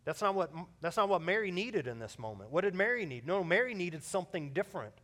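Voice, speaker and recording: A middle-aged man preaches with a slightly raised voice. He is earnest, pushing some lines out loudly and dropping others almost to a hush. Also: sits high, big pitch swings, quick pace. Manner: earnest, swings from loud urging to soft hushed delivery. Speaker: pastor. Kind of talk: sermon.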